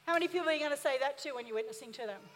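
A woman pastor with a very high voice preaches with emphatic, rising energy, drawing responses from her listeners. Her voice rings out in a long church-hall reverb. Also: very fast, fairly bright tone. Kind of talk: sermon.

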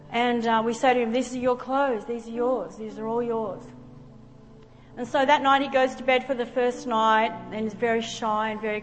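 A woman preacher delivering a sermon in a church, telling a personal story in an earnest, emotional way. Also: medium pitch. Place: church sanctuary. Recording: long hall reverb with faint music.

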